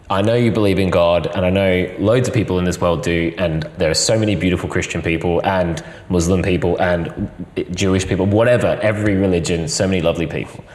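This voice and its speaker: An Australian man speaking as an interview guest, earnest and expressive, piling up repeated phrases as he tells his story. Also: on the low side. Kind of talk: heartfelt personal interview. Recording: roomy hall reverb.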